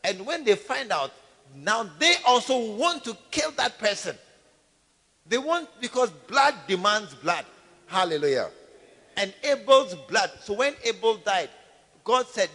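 A man's voice: high-pitched, big pitch swings, unhurried, pushed and bright, in a large hall. A man preaching a sermon, firing questions at the congregation.

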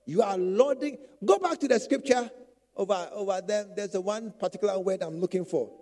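A man's voice: high voice, a little fast. A man preaching a sermon to church leaders, repeating phrases and acting out quotes. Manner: animated preaching with repetition and acted quotes. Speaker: pastor.

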